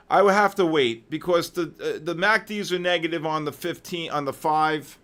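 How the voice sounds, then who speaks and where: A man hosting a live trading session, excitedly shouting out viewers' names with heavy market jargon, then dropping to weary muttering over questions. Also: moderate pace, few pauses. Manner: drops to low, weary muttering while reading questions. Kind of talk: live trading-stream commentary.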